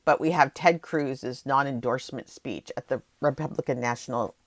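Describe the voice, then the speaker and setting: A woman's voice: rumbling low, moderate pace, no echo, clean studio sound. A woman hosting her own podcast, chatting casually about political history with wry jokes and asides. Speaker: podcast host; rhetorician. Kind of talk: casual solo podcast commentary.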